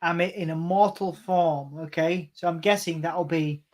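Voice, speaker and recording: A man's voice: a little high, fairly even intonation, normal speed, darkish tone. A man co-hosting a casual watch-along review of a TV episode, eagerly guessing what will happen next. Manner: eager, speculating about the plot.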